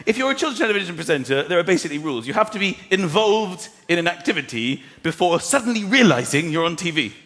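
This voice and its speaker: A man in his thirties performing a stand-up comedy routine, acting out exasperated voices and shouting lines. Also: high-pitched, very animated, fast talker, few pauses. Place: large theatre stage before a live audience. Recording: roomy live theatre with crowd laughter.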